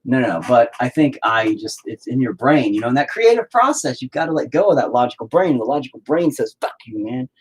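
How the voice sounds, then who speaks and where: A man's voice: mid-range voice, lively intonation, fairly quick, hardly any pauses, breathy edge. A man chatting casually while he paints, swearing a lot and mocking himself as he rambles. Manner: profane, self-deprecating rambling. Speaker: painting vlogger.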